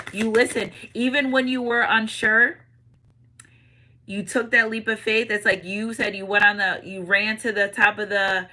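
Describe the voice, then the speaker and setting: A woman giving a casual spiritual tarot reading, animated and repeating catchphrases, swinging between loud and hushed. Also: a little high, rough recording. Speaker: tarot reader.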